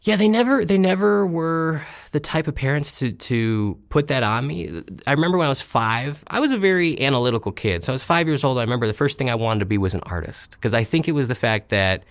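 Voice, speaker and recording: A man's voice: medium pitch, expressive, fairly quick, hardly any pauses, no room sound, clean studio sound. A man in his thirties, an interview guest, telling rambling stories with self-deprecating humor. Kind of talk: casual storytelling interview.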